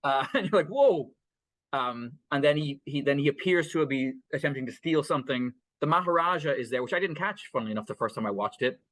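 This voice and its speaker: A man co-hosting a film podcast talks in a loose, rambling way, stopping to correct himself and laughing at the plot. His voice sits at a middle pitch and sounds dry, as if recorded right up close. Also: fast talker, hardly any pauses, a bit bright, no room sound. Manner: rambling, many fillers and self-corrections, laughs often. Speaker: podcast co-host. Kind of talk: casual film discussion podcast.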